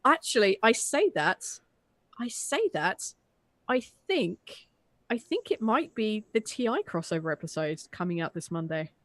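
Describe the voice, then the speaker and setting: A woman's voice: mid-range voice, big pitch swings, measured pace, no room sound. A young woman co-hosting a podcast, gushing enthusiastically with frequent swearing and restarts. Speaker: podcast co-host. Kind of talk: casual chat.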